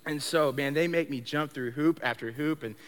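A man giving a sermon testimony in a conversational way, stumbling over repeated words and swinging between soft low stretches and loud excited bursts. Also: moderate pace, smooth. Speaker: speaker sharing his testimony. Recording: long hall reverb.

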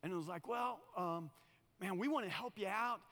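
Middle-aged male pastor, very high bright voice, animated and folksy. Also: moderate pace, creaky, in a large hall. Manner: animated storytelling, folksy asides. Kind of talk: sermon.

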